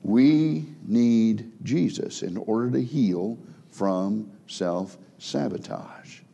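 A man preaching a sermon, swinging between emphatic raised passages and quiet hushed drops, with frequent word repeats and restarts. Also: on the low side, very slow, vocal fry, slight background noise. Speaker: pastor.

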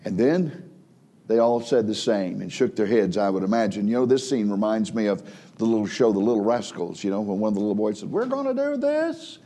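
A man preaching a sermon, swinging between emphatic raised passages and quiet hushed drops, with frequent word repeats and restarts. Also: fairly low pitch, fairly quick. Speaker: pastor.

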